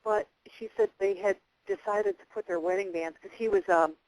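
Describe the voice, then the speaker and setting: A woman's voice: medium pitch, fairly even intonation, normal speed, darkish tone, no echo, rough recording. A middle-aged woman, a psychic medium guest, telling a story in casual, rambling chat full of fillers and restarts. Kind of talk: casual storytelling on a radio interview.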